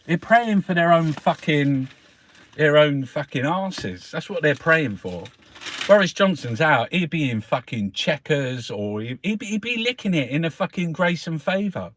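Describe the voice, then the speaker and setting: A man's voice: fairly high pitch, a little slow, a little hiss or hum. A man ranting scornfully through a newspaper review, swearing constantly. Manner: sweary, scornful, animated rant. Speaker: political vlogger.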